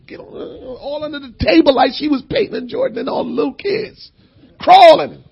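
A man teaching a Bible lesson in a sermon style, telling stories with humor and rising into emphatic shouts. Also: extremely high pitch, brisk, creaky, lo-fi sound. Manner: animated storytelling, breaking into shouts for emphasis; humorous, folksy. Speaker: church teacher.

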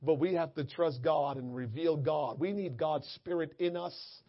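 Male pastor, high and husky voice, casual preaching into fervent prayer, muffled recording. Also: unhurried. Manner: conversational preaching building to fervent shouted prayer. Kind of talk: sermon and prayer. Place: church.

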